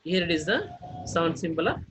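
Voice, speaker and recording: A man teaching a phonetics lesson, spelling out words letter by letter and pausing often on fillers. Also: a little high, sing-song, a bit bright, slight background noise, low-quality recording. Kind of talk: phonetics lecture.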